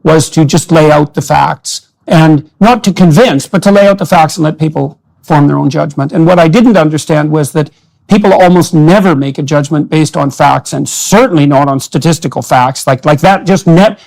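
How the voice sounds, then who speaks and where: A man's voice: fairly high pitch, vocal fry, a little mellow, poor audio. A man hosting a long-form conversation, explaining ideas in long, winding sentences. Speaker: podcast host.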